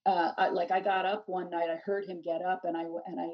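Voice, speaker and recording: A middle-aged woman telling her story in an interview, animated and rambling, full of restarts and "you know.". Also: on the low side, fairly quick. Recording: distant dull lo-fi mic.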